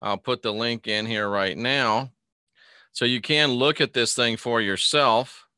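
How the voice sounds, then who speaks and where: A man with a bright, forceful voice hosts a live stream, reading an article aloud and chatting about it in a loose, rambling way. He breaks off to greet viewers by name, and the sound is dry and close. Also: medium pitch, fairly even intonation, unhurried, clear, resonant tone, no room sound. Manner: reads an article aloud and comments on it. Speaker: host of a live Christian online show.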